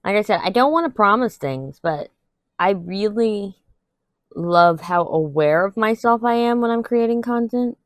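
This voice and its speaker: A woman's voice: mid-range voice, lively intonation, a little slow, no echo. A young adult woman chatting candidly to her viewers while crafting, rambling and venting with some laughs. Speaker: vlogger. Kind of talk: casual chat to camera while crafting.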